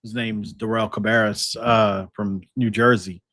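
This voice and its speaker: A man's voice: lowish voice, level tone, measured pace, a bit bright. A man hosting a sports podcast, talking casually and rambling with lots of fillers and restarts.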